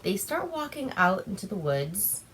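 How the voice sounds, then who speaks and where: A woman's voice: mid-range voice, big pitch swings, measured pace, fairly bright tone, slight background noise. Giggly, chatty young woman from Alaska. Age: young adult. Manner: chatty and giggly, full of "like" and "um" fillers. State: tipsy from wine. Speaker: vlog host. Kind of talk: casual movie recap.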